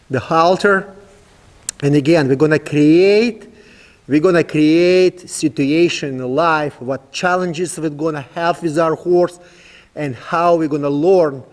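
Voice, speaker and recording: Repetitive instructive man with reverb. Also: on the high side. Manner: repetitive, instructive, non-native phrasing. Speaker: horsemanship trainer. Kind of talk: outdoor training demonstration. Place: outdoors with a horse.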